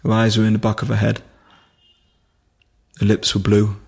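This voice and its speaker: Man, gravelly voice, flat delivery, emotional, halting, podcast guest. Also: on the low side. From Durham, England. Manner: halting, emotional, many restarts. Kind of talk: personal storytelling in conversation.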